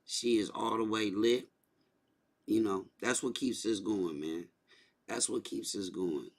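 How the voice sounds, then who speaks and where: A man's voice: fairly low pitch, a little slow. A man hosting a casual livestream, talking loosely and repeating his points. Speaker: livestream host.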